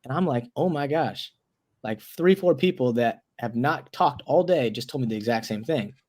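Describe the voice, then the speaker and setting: A young man in his twenties tells a story as an interview guest. His voice sits at an ordinary middle pitch. He talks loosely, with lots of "like" and restarted words, and slips into the voices of the people he quotes. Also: lively intonation, moderate pace, darkish tone.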